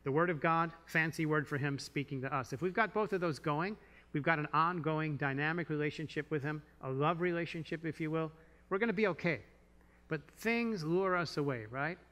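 A man's voice: fairly high pitch, fairly quick, sharp tone. A man preaching a sermon as pastor, conversational and full of rhetorical questions, in a church. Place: church sanctuary. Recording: long church hall reverb.

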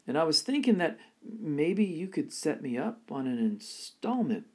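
An earnest little girl, eager to please, pleading her case in a raised, bright storybook voice, as a man puts her on while reading aloud. Her voice climbs well above an ordinary speaking tone and swings lively as she talks. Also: a little high, breathy edge, voice pushed up, exaggerated voice. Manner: pleading, talks fast and sincerely.

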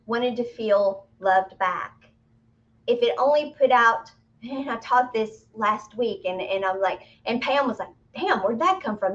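A woman co-hosting a spiritual talk show, explaining her teachings in a casual, animated way with playful exclamations. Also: on the high side. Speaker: spiritual medium co-host. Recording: muffled lo-fi audio.

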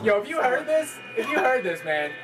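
A young male musician in a recording studio, excitedly joking, swearing and laughing as he tries out reverb. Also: very high-pitched, moderate pace. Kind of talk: casual banter in a recording studio. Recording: distant mic, loud music behind.

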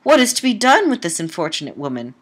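A woman's voice: medium pitch, sing-song, quick pace. A woman reading the lines of a frightened young heroine in a Gothic tale, with anguished exclamations. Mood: distressed.

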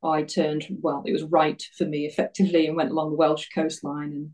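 A woman in her fifties chats through her story as an interview guest, self-deprecating and quick to laugh. Her voice sits a little low and sounds mellow and soft-edged. She is picked up from some distance, so she sounds set back from the mic. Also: little pitch movement. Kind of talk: casual interview chat.

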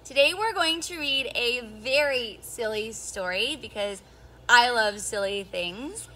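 A woman who is a children's storyteller, reading a picture book aloud to young children in an animated teacher's voice that keeps asking them questions. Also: fairly high pitch, slow. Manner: animated, sing-song teacher talk with questions to the kids.

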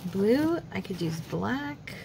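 A woman's voice: medium pitch, big pitch swings, takes it slowly, gravelly, background noise. A woman hosting a crafting video, chatting casually as she works, with faith-filled asides and laughs at herself. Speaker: craft channel host. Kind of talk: casual crafting tutorial chat.

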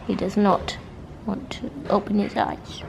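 Gravelly and a little slow, her medium-pitched voice barely moves in pitch. The young woman is a vlogger chatting casually to camera in her bedroom at home, gushing freely and dropping into baby talk with her pets. Background noise can be heard.

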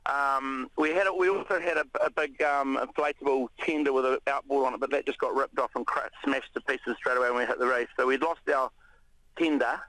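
A New Zealand man, a radio interview guest, recounting an ordeal in a halting way with many restarts. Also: mid-range voice, dry recording, poor audio. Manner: halting, many restarts, animated when retelling shouts.

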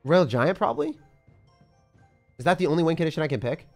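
A young man giving live commentary as he plays a mobile game, thinking aloud and breaking into sudden excited yelps. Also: a little high, brisk, gravelly, soft background music. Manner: excitable, talks to himself while playing, sudden yelps. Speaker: game streamer.

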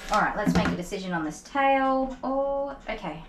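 A woman dog groomer, talking softly and chattily to a dog as she works, with asides to viewers. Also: fairly high pitch, lively intonation, moderate pace, noisy background. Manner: soothing, repetitive praise, chatty. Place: grooming salon. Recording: echoey room. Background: electric clippers buzzing.

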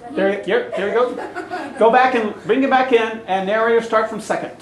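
A woman's voice: a little high, distant mic, background noise. Woman directing a rehearsal in an echoey hall. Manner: brisk, instructive, encouraging. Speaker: play director. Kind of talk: coaching a rehearsal.

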